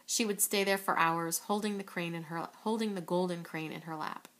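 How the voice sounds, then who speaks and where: A woman's voice: lowish voice, normal speed. Woman reading a children's book aloud. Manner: steady, with occasional slips and self-corrections. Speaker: reader.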